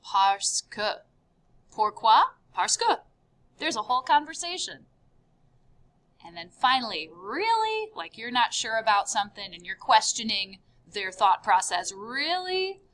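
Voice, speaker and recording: A woman teaching a recorded French lesson, upbeat and drilling each word with sharp rising repeats. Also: medium pitch, normal speed.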